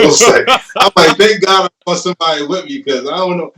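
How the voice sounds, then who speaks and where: A man in his twenties, a guest, telling his story in a casual, animated way with laughter. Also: high voice, normal speed, crowd noise. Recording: roomy, distant mic.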